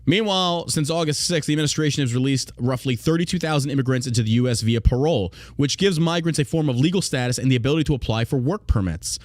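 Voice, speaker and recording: A man's voice: medium pitch, quick pace, hardly any pauses, darkish tone, no room sound, studio quality. A man hosting a political podcast, reading news aloud and ranting in a heated, profane way. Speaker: podcast host.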